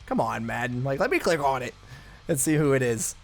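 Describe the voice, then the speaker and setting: A man's voice: medium pitch, big pitch swings, fairly quick, gravelly, soft background music. A man commentating his own football video game play in a casual, chatty way, thinking aloud with blunt asides. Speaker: gaming channel host.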